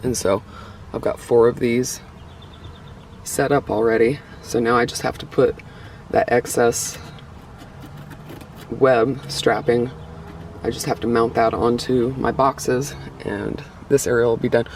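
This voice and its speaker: A man's voice: mid-range voice, steady tone, measured pace, pauses often, slight background noise. Chatty man giving a breathless build update. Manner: rambling, self-correcting, chatty. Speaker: vlogger. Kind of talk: casual build update to camera. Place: inside a vehicle being built out.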